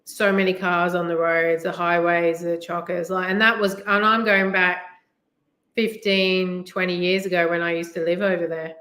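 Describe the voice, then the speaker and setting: A woman's voice: lowish voice, flat delivery, moderate pace, fairly bright tone. A middle-aged woman from England with an English accent, chatting casually on a live stream in a rambling way, full of "like" and "you know". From England, West Midlands. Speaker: live-streaming delivery driver. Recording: roomy echo.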